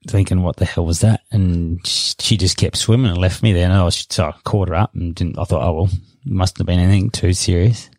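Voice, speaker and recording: Deep-voiced Australian man telling a yarn. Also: a little mellow, no room sound. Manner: rambling, self-mocking, laughing at himself. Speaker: interview guest. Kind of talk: casual storytelling.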